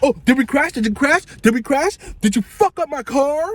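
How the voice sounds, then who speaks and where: A man voicing his fussy friend as a high, mocking, whiny nag in a casual vlog retelling. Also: moderate pace, a little mellow. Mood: panicky. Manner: high mocking whine, panicky nagging.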